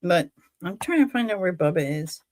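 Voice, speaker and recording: A woman hosting a casual faith chat on a livestream, telling animated stories, acting out what others said and laughing often. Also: lowish voice, normal speed, dry recording. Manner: animated storytelling, acts out quoted voices, laughs often. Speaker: livestream host.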